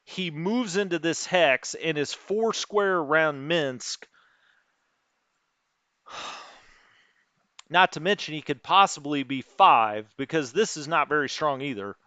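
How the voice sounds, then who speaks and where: A man's voice: a little high, expressive, slow, long pauses, sharp tone, no echo. A man streaming a strategy wargame, muttering through unit numbers and chatting with his live chat. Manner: thinks aloud, muttering over unit numbers.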